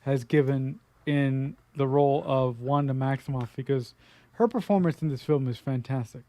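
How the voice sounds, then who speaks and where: A man's voice: mid-range voice, moderate pace, warm tone, no room sound. A man co-hosting a podcast, insistent and hesitant with ums in casual chat. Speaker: podcast co-host.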